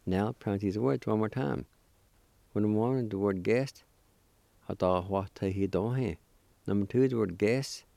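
A man teaching a language lesson, spelling and pronouncing each word slowly and repeating it. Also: on the low side, gravelly, dark tone, dry recording. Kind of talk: slow spelling and pronunciation lesson.

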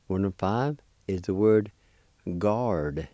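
A man giving a weekly language lesson, deliberately spelling out and pronouncing words syllable by syllable. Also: sits low, animated, mellow, no echo. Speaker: language teacher.

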